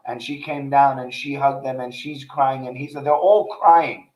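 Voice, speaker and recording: A man's voice: medium pitch, fairly even intonation, measured pace, a little mellow. A man in casual conversation, telling a heartfelt personal story in an earnest way, with many restarts. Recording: echoey room.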